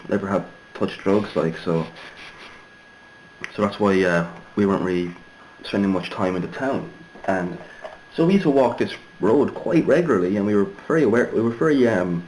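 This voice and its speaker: A man's voice: on the low side, darkish tone, slight background noise, low-quality recording. A young Irishman telling a story casually, rambling and digressive with many fillers and restarts. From Ireland. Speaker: vlogger.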